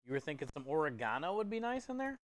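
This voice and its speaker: A man's voice: on the high side, big pitch swings, quick pace. A man, a food truck chef, chatting casually with his livestream viewers while he cooks in a kitchen. He is easygoing and joking, and he chuckles often. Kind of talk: casual livestream cooking chat.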